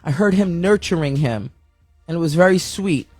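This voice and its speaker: A woman's voice: on the low side, animated, normal speed, darkish tone, no echo, faint music behind. A woman hosting her own talk show from a home studio, chatting candidly, laughing often and joking at her own expense. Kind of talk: casual chatty monologue.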